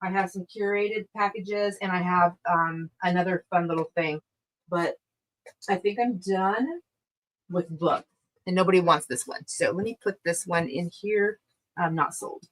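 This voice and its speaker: A woman's voice: lowish voice, unhurried, rough recording. A middle-aged woman hosting a live online craft sale from her craft room, chatting casually, exclaiming over items and laughing often. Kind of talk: casual live-stream selling chat.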